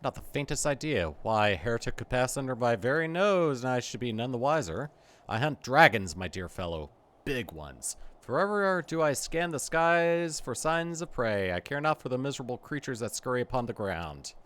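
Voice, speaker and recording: A man's voice: medium pitch, very animated, normal speed, fairly bright tone. A man voicing a proud male dragon hunter in a video game, speaking in a lofty, archaic way. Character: haughty male dragon hunter, scornful of others.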